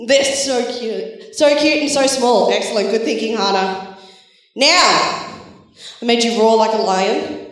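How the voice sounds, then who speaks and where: A woman giving an encouraging, animated Bible talk to children in a church. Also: a little high. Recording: very echoey hall, voice from far off.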